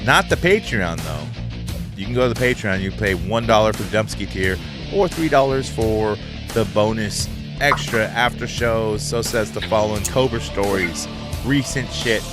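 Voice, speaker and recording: A man's voice: fairly low pitch, animated, moderate pace, music in the background. A man hosting a podcast in a casual, crude and joking way. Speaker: podcast host. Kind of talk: casual chat.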